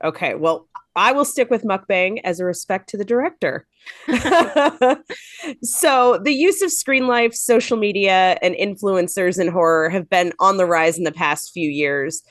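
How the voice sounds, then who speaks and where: A woman's voice: medium pitch, lively intonation, measured pace, dry recording, studio quality. Upbeat woman moderating a Q&A. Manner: upbeat, scripted questions. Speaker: podcast co-host and Q&A moderator. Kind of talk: hosting a festival Q&A.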